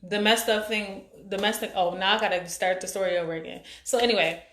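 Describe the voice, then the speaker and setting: This live-stream host, a woman near forty, has a mid-range voice with a fairly bright tone. Reading viewer comments and saying hello in casual chat, she rambles, hesitates, and fills gaps with lots of fillers, and the room sounds echoey.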